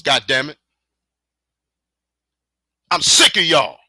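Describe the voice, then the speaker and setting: A man with a high, piercing, tense voice rants angrily on his solo podcast, hurling taunts at his listeners. The sound is close and completely dry, with no room around it. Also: animated, takes it slowly, pauses often, bright, forceful tone, dry recording. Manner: heated, profane, taunting with repeated challenges. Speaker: podcast host. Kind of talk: angry solo podcast rant.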